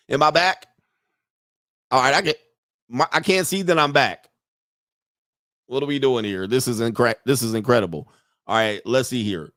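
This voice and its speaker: A man's voice: medium pitch, animated, unhurried, long pauses, fairly bright tone, no room sound, clean studio sound. A man hosting a podcast from his computer, talking in a casual, rambling, profane way and laughing often. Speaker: podcast host. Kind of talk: casual live-streamed commentary. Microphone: computer mic and webcam.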